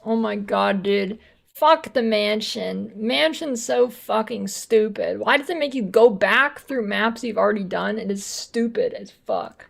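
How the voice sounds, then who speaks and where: American woman streamer, mid-pitched and heavily fried, rambling and profane. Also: unhurried, gravelly. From United States. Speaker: game streamer. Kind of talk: casual gaming stream chat.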